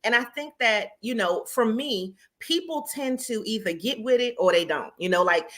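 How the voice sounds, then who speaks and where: A woman from New York with a New York accent, hosting an interview in casual, slangy conversation. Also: mid-range voice. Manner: conversational, uses slang and sarcasm, animated storytelling. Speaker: podcast host.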